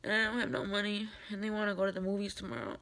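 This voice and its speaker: Speaking very fast with vocal fry, this woman has a medium-pitched, slightly bright voice. She's a tearful, upset vlogger in her thirties rambling through an emotional personal video, with lots of fillers and false starts.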